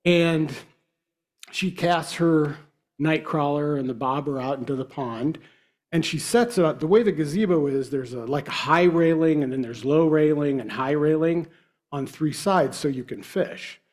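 A man telling a personal devotional story in a casual, halting way with frequent fillers. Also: a little high, a little mellow.

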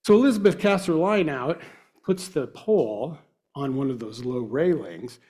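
A man telling a personal devotional story in a casual, halting way with frequent fillers. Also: medium pitch, lively intonation, dark tone.

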